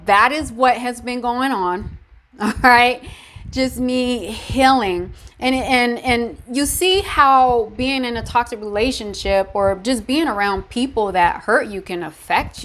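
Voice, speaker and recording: A woman's voice: fairly high pitch, a bit bright. A woman vlogger talking casually to camera about wellness, encouraging and emphatic, repeating her points. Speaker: health vlogger.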